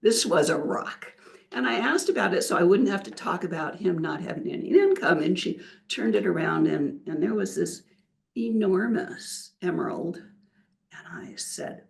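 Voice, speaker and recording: A woman's voice: fairly low pitch, moderate pace, gravelly. An older woman, a wealth counselor, telling stories in a casual interview and acting out the quotes. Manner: animated storyteller who acts out quotes. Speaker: wealth counselor, podcast guest.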